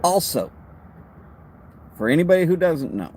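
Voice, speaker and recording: A man with a Texas accent hosting a casual livestream, talking in a relaxed, rambling way with friendly asides. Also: on the high side, normal speed, slight background noise. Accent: Texan. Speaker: host of a pipe-smoking livestream.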